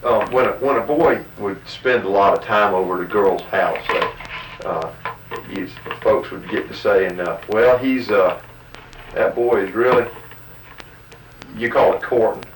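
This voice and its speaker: Male interviewer, low voice, halting and prompting, recorded from off-mic in a roomy space. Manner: halting, many fillers and restarts while coaxing answers. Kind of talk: fieldwork interview questions. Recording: roomy, distant mic with faint noise.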